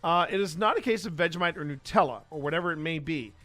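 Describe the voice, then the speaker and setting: This is a male podcast host in casual talk who often trips over his own restarts. He has a bright, forceful voice pitched a little high. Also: fast talker, faint music behind. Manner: rambling, with frequent restarts. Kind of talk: casual podcast chat and news reading.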